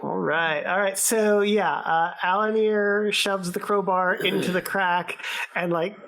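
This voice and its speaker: A woman's voice: mid-range voice, fairly even intonation, a little slow, fairly bright tone. A woman narrating as dungeon master of a tabletop game played over a remote call, describing scenes with many fillers and hesitations.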